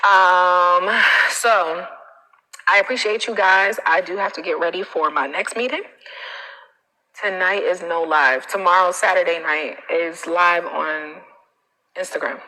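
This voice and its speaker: A woman coach hosting a casual live stream, animated and emphatic, with a preachy manner full of slang asides. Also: lowish voice, a little slow, low-quality recording.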